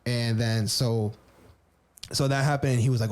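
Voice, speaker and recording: A man speaks at a rapid clip, trading stories on a podcast. He rambles, restarting sentences and swearing casually as he goes. His pitch sits in an ordinary middle range. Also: fairly even intonation, a little mellow. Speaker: podcast co-host. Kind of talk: candid personal storytelling.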